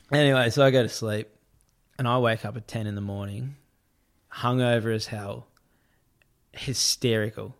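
Man telling a lively, laugh-filled story. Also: medium pitch, a little slow, long pauses. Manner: animated, quotes others in a raised voice with many "I'm like" asides. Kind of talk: casual anecdote telling.

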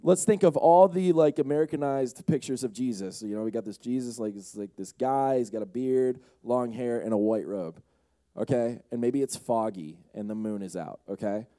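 A young man preaching a lively youth sermon, shouting and acting out the characters of the story. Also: mid-range voice, moderate pace, no echo. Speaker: youth pastor.

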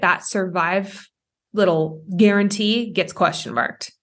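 A woman's voice: mid-range voice, takes it slowly, pauses often. A woman hosting a solo podcast, talking candidly and with feeling, acting out inner voices and swearing now and then. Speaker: podcast host.

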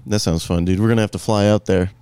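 A man's voice: lowish voice, fairly even intonation, fast, warm tone, clean tone, dry recording. Laughing, teasing podcast man. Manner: laughs often, teasing reactions. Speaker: podcast co-host. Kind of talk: casual chat.

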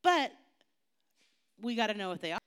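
A woman youth pastor with a smooth, clear voice at a middle pitch. She preaches in a chatty, joking way. She slows down and pushes hard on the key phrases. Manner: lively, chatty and joking, with emphatic slowed phrases. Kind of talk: youth sermon.

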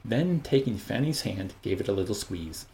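A man narrating an audiobook in an expressive, measured reading. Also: on the low side, vocal fry, slight background noise. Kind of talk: scripted narration.

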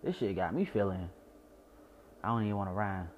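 Tipsy from wine, this young Georgia man with a Southern accent stutters, repeats himself, and swears his way through a loose, rambling monologue. He speaks on the low side, very animated and fairly quick, with the highs cut off and some light background noise.

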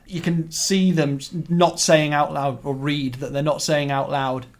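A man's voice: a little high, level tone, measured pace. Chatty man leading a book talk. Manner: leads the talk, asks questions. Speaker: podcast host. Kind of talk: casual book discussion.

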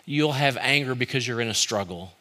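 A man preaching a sermon as pastor, shifting between loud animated bursts and quiet, slow emphasis. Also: mid-range voice. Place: church service streamed online.

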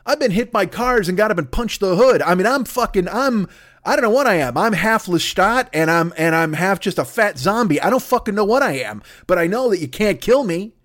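A man's voice: sits high, expressive, a little fast, a bit bright. A man hosting a podcast, delivering a profane, comedic rant monologue. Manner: profane, ranting, swears constantly. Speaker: podcast host.

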